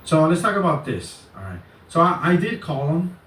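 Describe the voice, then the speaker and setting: A man's voice: fairly high pitch, moderate pace. Rambling man ranting in an echoey room. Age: adult. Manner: rambling, animated storytelling, profane. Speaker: channel host. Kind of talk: casual vlog rant. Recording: echoey, distant mic, faint noise.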